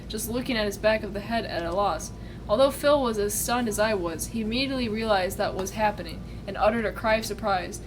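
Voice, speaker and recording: A woman's voice: medium pitch, background noise. A woman streamer reading a game aloud, giggly, chatty, and self-mocking.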